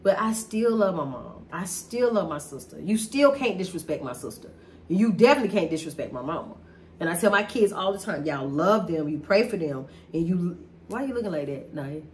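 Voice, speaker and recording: A woman's voice: on the low side, a little fast, slight background noise. Emphatic woman telling her side. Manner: animated, emphatic, repeats herself for stress. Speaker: host talking about a family conflict. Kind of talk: emotional casual chat.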